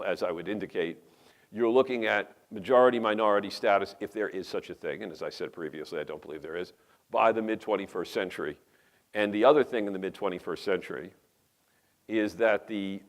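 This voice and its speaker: A middle-aged man with a New York accent lectures at a conference. His voice sits on the low side. He talks emphatically, wanders into asides and keeps firing rhetorical questions at the audience. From New York metropolitan area. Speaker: conference speaker. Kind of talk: lecture presentation. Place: conference hall.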